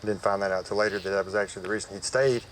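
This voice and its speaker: A man shares a personal testimony at an outdoor church service. His voice sits somewhat low, and his talk is folksy and unpolished, full of "uh" and "um". Faint insect sounds hum behind him. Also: steady tone, racing, rough recording. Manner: folksy and conversational, with frequent fillers. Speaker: church member giving testimony.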